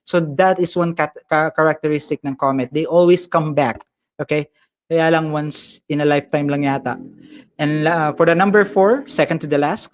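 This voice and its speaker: A man with a Filipino accent teaching a live online science lesson, cheerfully greeting viewers by name and code-switching as he reads their comments. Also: a little high.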